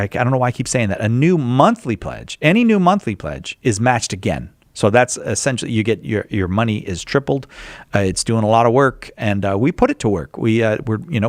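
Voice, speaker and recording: A man hosting a live call-in radio show, making a rambling, lively fundraising pitch with lots of fillers. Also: dry recording, clean studio sound. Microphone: studio microphone.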